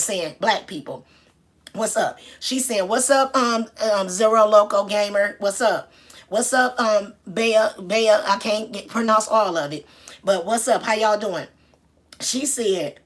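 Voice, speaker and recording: A woman telling a story casually and greeting viewers as she goes. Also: mid-range voice. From Detroit. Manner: chatty, shouts out viewers mid-story. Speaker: vlogger.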